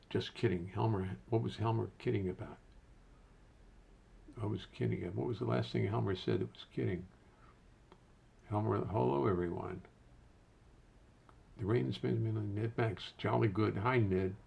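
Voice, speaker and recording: A man's voice: on the low side, gravelly, a little mellow, husky. An older man casually hosting a livestream from his home studio, greeting viewers by name and muttering to himself as he adjusts settings.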